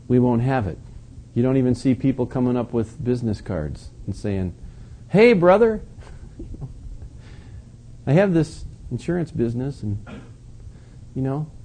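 Mellow-voiced male preacher, conversational. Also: medium pitch. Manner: conversational, questioning, emphatic. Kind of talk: sermon.

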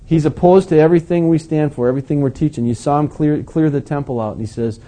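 A man's voice: fairly high pitch, quick pace, warm tone. A man preaching a sermon in a conversational, questioning way, stressing his points with emphasis.

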